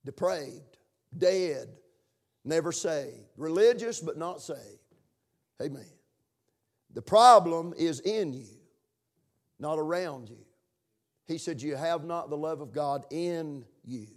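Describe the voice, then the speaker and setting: A man's voice: a little high, animated, takes it slowly, pauses often. Man preaching a fervent church sermon. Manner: rises to loud emphatic preaching, drops to quiet asides. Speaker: pastor.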